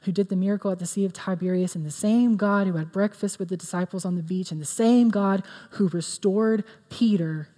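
A woman's voice: lowish voice, dark tone. A woman giving a sermon in an earnest, conversational way, with many fillers. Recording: long reverb of a hall.

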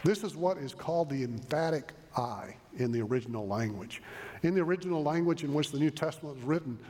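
A man with a somewhat high, husky voice preaches a sermon. He speaks earnestly and with emphasis, often restarting his phrases. His voice rings with the long reverb of a large hall. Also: animated, fast, darkish tone.

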